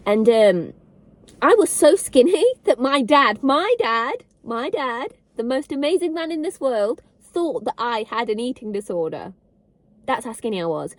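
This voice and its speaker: A woman talking to camera in an earnest, direct way, repeating rhetorical questions to her listeners and slowing down on key lines. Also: fairly high pitch. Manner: slow and deliberate on key lines. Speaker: online faith and relationship advice creator. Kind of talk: heartfelt personal talk to camera.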